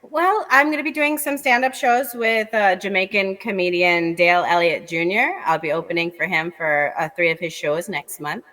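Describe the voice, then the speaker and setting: A woman's voice: lowish voice, steady tone, normal speed, hardly any pauses, sharp tone, big-room sound, rough recording. A young woman guest, a comedian, chatting animatedly in an interview with lots of fillers. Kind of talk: casual interview chat.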